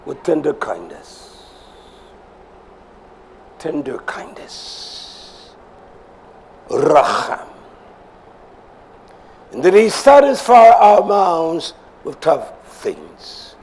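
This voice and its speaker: Fiery preacher man with a gravelly voice. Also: big pitch swings, drawn-out words, long pauses, a little hiss or hum. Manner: emphatic, swings between shouts and low murmurs; repeats phrases for emphasis. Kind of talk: sermon.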